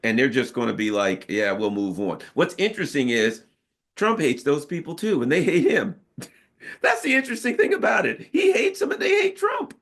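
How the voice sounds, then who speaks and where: A male commentator speaks in a political interview, his voice gravelly with a rough fry underneath. His pitch rises and falls widely as he talks. He is sarcastic and lively, slipping into voices to mimic the people he describes. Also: moderate pace. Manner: sarcastic, acts out quoted voices. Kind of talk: animated political talk.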